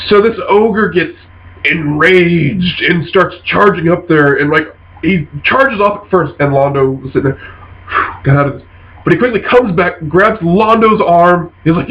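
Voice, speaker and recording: A man casually telling a funny story from a tabletop game session, jumping into quoted voices with animated bursts. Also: sits high, unhurried. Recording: dull lo-fi sound.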